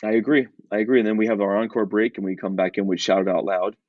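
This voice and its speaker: A man's voice: fairly low pitch, flat delivery, quick pace, no room sound, lo-fi sound. A man co-hosting a podcast in casual chat, rambling and chatty with many fillers and restarts. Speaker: podcast co-host.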